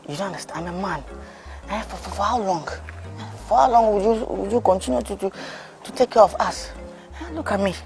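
A man playing a jobless young boyfriend who talks softly and stammers as he pleads. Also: high voice, a little fast, gravelly, faint music behind. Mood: pleading. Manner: soft, pleading, hesitant with stammers. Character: jobless young boyfriend, apologetic and sweet-talking.

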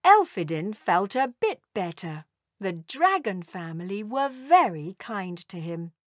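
Slow, lilting woman reading a storybook. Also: medium pitch, dry recording, studio quality. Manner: slow, expressive read-aloud. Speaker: storybook narrator.

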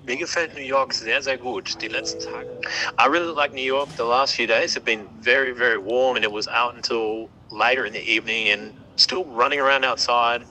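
A man giving a live product demo on a phone call outdoors by the water, talking haltingly with repeated words and fillers. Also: mid-range voice, fairly even intonation, pushed and bright. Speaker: tech demo presenter.

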